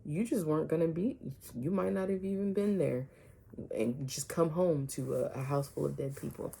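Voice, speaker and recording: A woman vlogger telling a personal story to her viewers, animated, often asking "right?" and dropping some words to a whisper. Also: low-pitched, normal speed, gravelly, a little hiss or hum.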